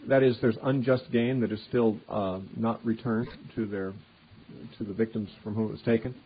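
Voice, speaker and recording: A man's voice: mid-range voice, fairly quick, a little hiss or hum. A man teaching through a Bible passage verse by verse, reading the verses aloud with rising emphasis and then explaining them in a casual, conversational way. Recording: dull lo-fi recording.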